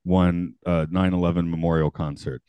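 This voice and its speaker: A man with a lowish voice hosting a casual podcast discussion. He is chatty and laughs easily. The sound is dry and close. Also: steady tone, moderate pace, dark tone, clear, resonant tone, no echo. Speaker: podcast host. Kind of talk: casual chat.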